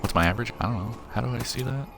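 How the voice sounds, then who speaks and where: A man's voice: mid-range voice, rapid-fire, gravelly. A man from in his thirties, streaming a zombie game and chatting loosely with viewers, often rambling and breaking off mid-thought. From Missouri, USA. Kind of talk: casual chat while gaming. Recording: game music and gunfire behind.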